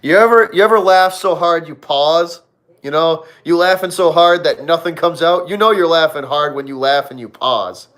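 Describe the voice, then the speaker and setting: Young man, livestream host, casual rambling chat, fairly high voice, laughs a lot. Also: normal speed, fairly bright tone. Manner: rambling, repeats himself, laughs often. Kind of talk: casual live Q&A chat with viewers.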